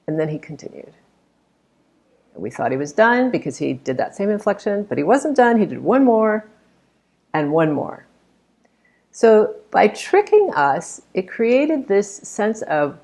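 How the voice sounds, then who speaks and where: A woman's voice: medium pitch, big pitch swings, unhurried, vocal fry. A woman speech coach critiquing a talk, explaining points in an emphatic, demonstrative way. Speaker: public speaking coach.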